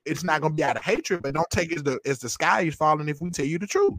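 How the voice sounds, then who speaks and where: A man's voice: a little high, fast, fairly bright tone, dry recording. Emphatic man with dry close sound. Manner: emphatic, preachy, repeats himself. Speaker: podcast guest. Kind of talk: opinionated casual talk.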